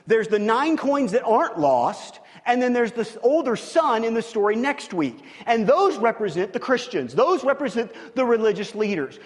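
A man preaching a sermon as pastor, telling stories with animated swings from hushed to loud. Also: high-pitched, big-room sound.

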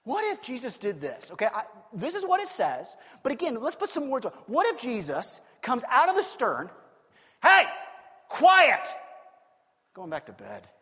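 A man preaching a sermon, animated and acting out scenes with shifting voices. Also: very high-pitched, moderate pace, hardly any pauses, husky, big-room sound. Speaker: pastor.

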